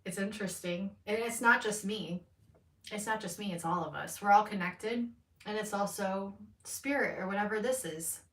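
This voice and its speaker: Talking at a normal speed in a mid-range voice, a woman reads tarot on a live stream, chatting loosely and frankly, swearing freely and laughing often. A far-off mic makes the audio roomy.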